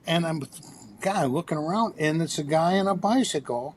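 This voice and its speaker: Man telling a lively story, higher pitched. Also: moderate pace. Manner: animated anecdotal storyteller with frequent restarts. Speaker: psychologist and author, guest. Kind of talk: storytelling in a podcast interview.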